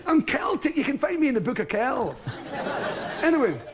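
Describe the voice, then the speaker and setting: A man's voice: very high-pitched, big pitch swings, moderate pace, a crowd in the background, noisy background. A Scottish man telling comic stories as a talk show guest, laughing through them. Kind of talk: comic storytelling. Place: television studio with audience.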